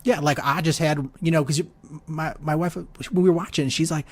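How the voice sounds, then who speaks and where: A man's voice: a little high, steady tone, fairly quick. A middle-aged man hosting a casual podcast chat, telling self-deprecating stories with frequent laughs. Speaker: podcast host.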